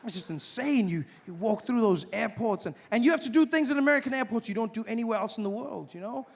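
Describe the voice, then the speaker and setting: A man performing a stand-up comedy routine on stage before a live audience, animated and mocking as he acts out little scenes. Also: high voice, fast talker, creaky.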